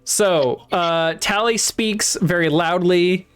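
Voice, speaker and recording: A man's voice: high voice, slow pace, clean tone, soft background music. A man co-hosting a casual book discussion podcast who reads passages aloud and reacts hesitantly, with frequent ums and laughter. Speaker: podcast co-host.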